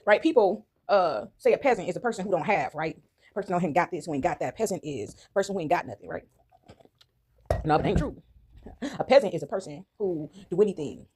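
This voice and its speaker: A woman's voice: fairly low pitch, animated, brisk, darkish tone, slight background noise. A woman vlogging in a casual monologue to her viewers, emphatic and repetitive, who keeps checking in with "right?".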